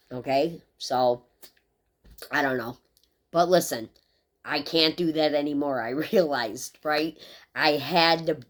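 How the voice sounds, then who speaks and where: A middle-aged woman giving a casual, rambling tarot reading and talking straight to her viewers in a heartfelt way. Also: low-pitched. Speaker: tarot reader.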